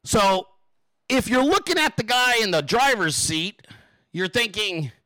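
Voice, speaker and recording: A man hosting his own show, telling a story in a crude, profane, animated way and often checking in with "okay?" or "right?". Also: high-pitched, a little slow, no room sound, poor audio. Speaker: podcast host.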